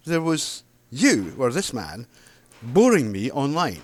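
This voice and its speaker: A man's voice: medium pitch, huge pitch swings, takes it slowly. Angry man ranting. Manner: heated, sarcastic, swears freely. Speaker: video blogger. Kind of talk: angry ranting monologue to camera.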